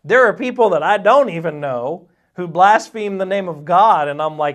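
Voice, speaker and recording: Animated man teaching Bible class. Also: high voice, moderate pace, few pauses. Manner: animated, acts out quotes with a rising voice; conversational, folksy phrasing. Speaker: Sunday school teacher. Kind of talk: Bible lesson.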